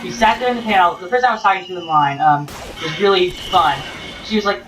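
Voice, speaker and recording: A woman's voice: fairly low pitch, quick pace. Woman vlogger gushing about an event, rambly, lots of ums, sounds far off in an echoey room with noise behind. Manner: excited, rambling, acts out quotes. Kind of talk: casual event recap. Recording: roomy, distant, noisy.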